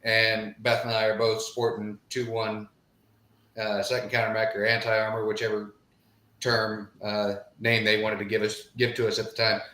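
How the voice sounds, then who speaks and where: A middle-aged man with a low, flat, bright-edged voice chats casually as a live-show co-host, drawling and padding his sentences with filler phrases. He is recorded in an echoey room. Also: moderate pace. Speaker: podcast co-host. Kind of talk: casual live-stream chat.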